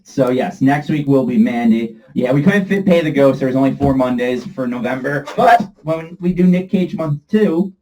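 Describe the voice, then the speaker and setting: A man's voice: medium pitch, expressive, normal speed, few pauses, a little mellow, poor audio. A man co-hosting a casual movie podcast, playful and jokey, fond of silly accents. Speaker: podcast co-host.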